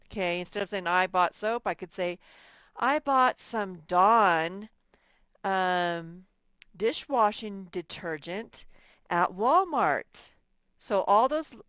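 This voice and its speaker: A woman's voice: on the low side, smooth, no echo. A woman teaching a reading lesson to young children, drawing out words and sounding out letters. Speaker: first-grade teacher.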